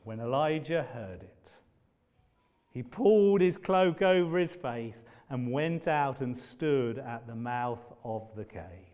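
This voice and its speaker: A man preaching a sermon, moving from loud, ringing declarations to hushed, almost whispered lines. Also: mid-range voice, expressive. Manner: slow and dramatic, swings from loud declaiming to hushed near-whispers. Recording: dull audio with long hall reverb.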